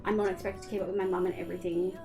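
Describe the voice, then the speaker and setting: A woman's voice: lowish voice, flat delivery, rapid-fire, over music. A young Australian woman streamer chatting casually and candidly with her viewers while she plays, swearing now and then. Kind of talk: casual chat while gaming.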